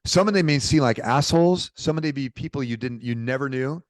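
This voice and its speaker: Animated middle-aged man, dry sound. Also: medium pitch, fast talker, no room sound. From Portland, Oregon, USA. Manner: animated, informal, peppered with "dude" and "bro". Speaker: podcast guest. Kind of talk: casual conversational storytelling.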